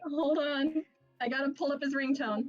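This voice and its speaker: High-voiced woman running a tabletop game. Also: steady tone, normal speed, highs cut off, soft background music. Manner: casual, laughing, full of fillers. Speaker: game master.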